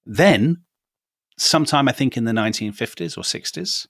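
A man's voice: mid-range voice, expressive, moderate pace, vocal fry, fairly bright tone, dry recording, clean studio sound. A man from Britain co-hosting a history podcast, telling the story in a wry, chatty way with asides. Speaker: podcast co-host.

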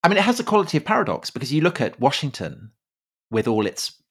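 A man co-hosting a podcast in a casual conversational style, halting often with fillers and repeated words. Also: fairly high pitch, sing-song, a bit bright, breathy edge. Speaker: podcast co-host. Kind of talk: casual conversational history chat.

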